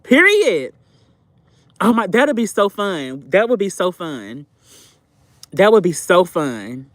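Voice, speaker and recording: High-pitched guy streaming live, aave, repeats himself a lot, talks to chat like sister, baby, super dry sound. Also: expressive, a little slow, no echo. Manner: talkative, repeats phrases, addresses viewers as sister and baby. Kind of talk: casual livestream chat with viewers.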